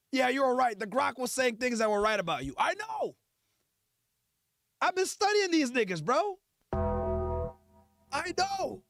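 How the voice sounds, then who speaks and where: A man's voice: very high voice, vocal fry, a bit bright, no room sound, clean studio sound. A man hosting a livestream, ranting in a profane, heated and mocking way. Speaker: livestream host. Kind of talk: livestream rant.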